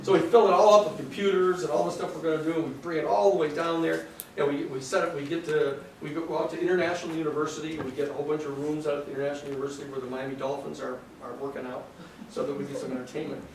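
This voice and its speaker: A man, a lawyer, casually telling an animated story to a class and acting out the people he quotes. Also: on the high side, racing, gravelly, a little hiss or hum. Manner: animated, acts out quoted voices, restarts sentences. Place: large echoey classroom or lecture room. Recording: echoey room, distant mic, faint ambience.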